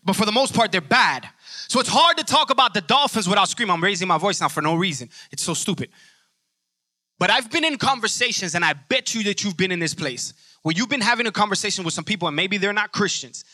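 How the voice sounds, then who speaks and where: A man's voice: high voice, lively intonation, fast, sharp tone, no room sound, studio quality. A man preaching a sermon in an emphatic, conversational way, asking rhetorical questions as he goes.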